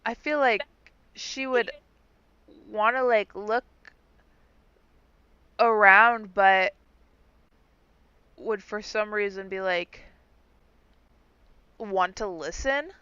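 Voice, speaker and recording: Bright, chatty woman gamer. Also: mid-range voice, drawn-out words, pauses often, clean tone, no room sound, lo-fi sound. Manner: casual, chatty, swearing, many "like"s. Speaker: tabletop game player. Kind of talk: casual tabletop game play.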